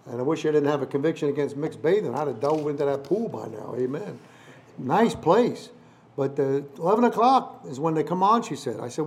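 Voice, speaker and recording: A man's voice: fairly high pitch, expressive, a little fast, husky. A man preaching to a congregation, opening his sermon with folksy jokes and calls for amens. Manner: folksy and joking, calls for amens and addresses listeners as neighbor. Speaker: traveling preacher. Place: church service in front of a live congregation.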